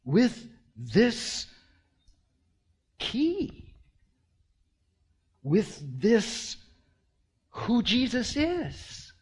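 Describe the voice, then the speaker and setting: A man preaching a sermon, swinging between hushed near-whispers and loud, impassioned passages, drawing out key words slowly. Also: high voice, huge pitch swings, breathy edge. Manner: slow, drawn-out emphasis on key words. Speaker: pastor.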